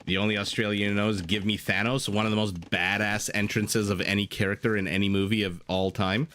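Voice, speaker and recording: A man's voice: on the low side, level tone, a little fast, a bit bright, a little hiss or hum. A man commentating a strategy game live, chatty and joking with his chat between play-by-play. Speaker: game caster.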